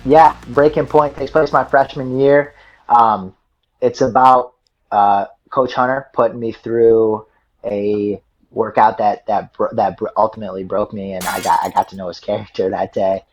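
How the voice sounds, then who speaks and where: A man's voice: lowish voice, steady tone, moderate pace, soft background music. A young man, a wrestler guest, telling a story casually and rambling, with many fillers and repeated words. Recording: dull lo-fi audio.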